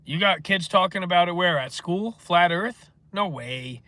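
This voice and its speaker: A man's voice: sits high, animated, measured pace, sharp tone, no echo. A man hosting a casual livestream, rambling and swearing as he answers chat comments. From northeastern United States. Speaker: livestream host.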